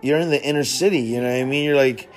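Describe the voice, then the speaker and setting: A man's voice: mid-range voice, racing. A man hosting a casual podcast chat, laid-back and slangy, swearing freely. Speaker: podcast host.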